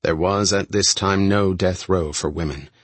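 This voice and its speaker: Casting: male audiobook narrator, low voice, slightly husky, dry studio sound. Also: a little slow, no room sound. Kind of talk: audiobook narration of a first-person true-crime book.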